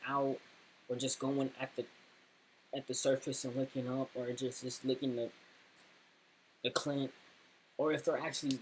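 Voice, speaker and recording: Male reaction host, casual, halting delivery, faint noise. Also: medium pitch, darkish tone, low-quality recording. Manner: halting, repeats words, laughs along.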